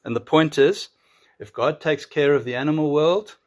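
A man preaching a sermon, earnest and emphatic, slowing to draw out key words. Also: on the high side. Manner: earnest, with emphatic drawn-out pauses. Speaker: pastor.

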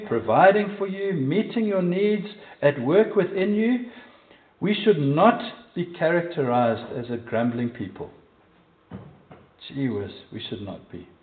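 A man with a South African accent preaching a sermon, emphatic and putting direct questions to the congregation. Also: high voice. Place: church. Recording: echoey, distant, phone-like sound.

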